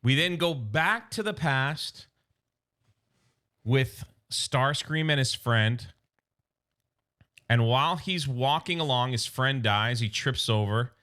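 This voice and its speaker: A man casually recapping a comic book story, chatty and excitable, acting out the characters' lines as he goes. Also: medium pitch, takes it slowly, long pauses.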